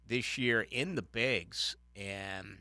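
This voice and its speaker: A man's voice: lowish voice, dry recording. A man hosting a sports talk radio show, giving opinionated commentary with frequent restarts. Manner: opinionated, animated, halting restarts.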